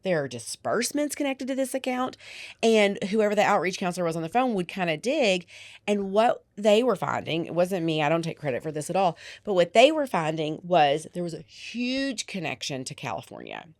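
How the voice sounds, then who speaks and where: A woman's voice: on the low side, no room sound. A woman with a slight lisp, co-hosting a podcast and telling a story in casual chat, quoting people as she goes. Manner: animated, quick retelling with quoted voices. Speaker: podcast co-host.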